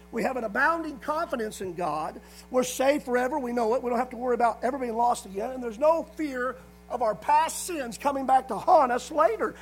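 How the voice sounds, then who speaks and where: A man preaching a sermon, reading scripture slowly and with emphasis. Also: extremely high pitch, rough recording.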